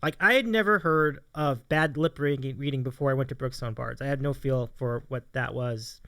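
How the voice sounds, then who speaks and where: A man's voice: mid-range voice, a bit bright, dry recording, studio quality. A man hosting a casual live-streamed chat show, eagerly agreeing with his guest and reading out viewer questions. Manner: eager, quick to agree, keeps saying yeah.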